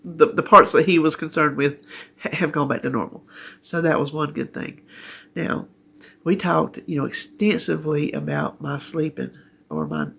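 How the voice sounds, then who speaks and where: A woman's voice: low voice, lively intonation, moderate pace, vocal fry, fairly bright tone, slightly rough. A middle-aged woman with a Southern US accent, chatting casually in her living room in a rambling, homespun way on a health update vlog. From North Carolina, US. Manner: rambling, homespun, laughs easily. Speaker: vlogger. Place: living room at home, sitting in her chair.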